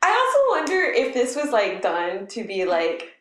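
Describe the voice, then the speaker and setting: A woman co-hosting a casual show recap, talking in a relaxed way with many fillers. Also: on the high side, moderate pace, reverberant. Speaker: podcast co-host.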